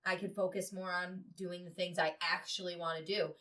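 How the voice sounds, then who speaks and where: Brief: woman as an exhausted teen heroine, low and despairing, slightly distant mic. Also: little pitch movement, normal speed, sharp tone. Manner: low, despairing inner monologue. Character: weary, overburdened teenage girl Avatar.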